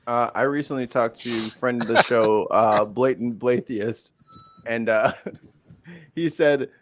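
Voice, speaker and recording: A man's voice: medium pitch, takes it slowly, no room sound. A man hosting a casual group chat on a video call, playful and teasing, laughing often. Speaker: host.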